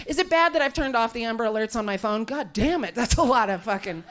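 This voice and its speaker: A woman's voice: a little high, animated, fast, few pauses, fairly bright tone. A woman comedian doing live stand-up on a club stage, brash and profane, teasing the crowd.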